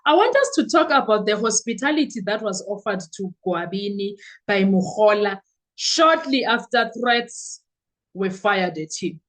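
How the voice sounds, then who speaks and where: A woman hosting her own podcast, commenting on a court case in a lively, exclaiming way. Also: mid-range voice, moderate pace. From South Africa. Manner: animated, exclaiming, mixing in isiXhosa/Zulu words. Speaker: podcast host. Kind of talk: casual commentary.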